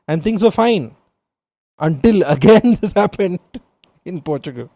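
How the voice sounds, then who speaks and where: Playful man, mellow slightly high voice. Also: measured pace, no room sound, clean studio sound. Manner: playful, animated storyteller. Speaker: podcast co-host. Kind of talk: casual trivia chat.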